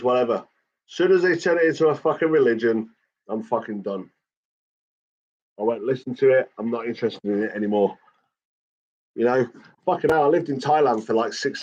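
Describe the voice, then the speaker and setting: A man rants through a casual catch-up, cursing in nearly every line. His voice sits at an ordinary middle pitch. The recording sounds dull and lo-fi. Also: darkish tone. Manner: swears constantly, ranting. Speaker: channel host. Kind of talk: casual chat.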